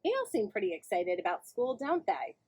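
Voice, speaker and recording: A woman reading a picture book aloud for children, singsong and animated, often asking her young listeners questions. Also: medium pitch, brisk, slightly rough. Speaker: children's librarian. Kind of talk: storytime read-aloud.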